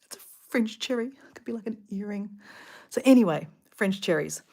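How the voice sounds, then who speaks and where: A middle-aged Australian woman rambling casually about her day, chatty and animated, full of asides. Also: medium pitch, fairly quick, vocal fry. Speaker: vlogger. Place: hotel room.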